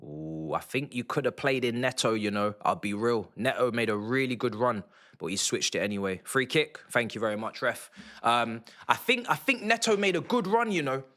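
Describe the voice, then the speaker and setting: A young man hosting a live football watchalong, muttering reactions that flare into loud outraged shouting. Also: medium pitch, expressive, moderate pace. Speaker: livestream football watchalong host. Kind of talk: live match watchalong commentary.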